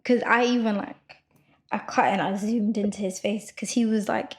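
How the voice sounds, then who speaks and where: A young woman co-hosting a podcast, talking loudly and quickly in a rambling casual chat full of fillers. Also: medium pitch, steady tone. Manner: loud, fast rambling with many fillers. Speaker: podcast co-host.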